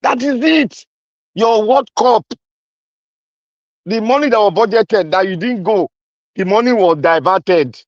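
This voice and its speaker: A man's voice: high-pitched, measured pace, pauses often, dry recording, highs cut off. A man with a Nigerian accent delivering an angry, accusing political rant, repeating himself and slipping into pidgin. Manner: mixes in pidgin. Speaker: commentator.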